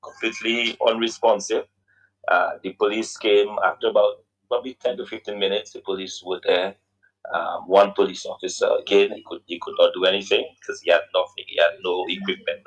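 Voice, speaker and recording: A man from Dominica on a radio talk show, speaking earnestly and haltingly, often repeating words as he searches for the phrasing. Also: low voice, fairly bright tone, rough recording. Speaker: guest recounting a roadside accident. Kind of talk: radio phone-in conversation.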